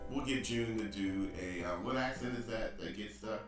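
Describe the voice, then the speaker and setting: A man's voice: lowish voice, normal speed, reverberant, distant mic, music in the background. A man co-hosting a live online show, teasing his co-host, laughing often and calling the viewers family. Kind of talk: casual chat, reading viewer comments.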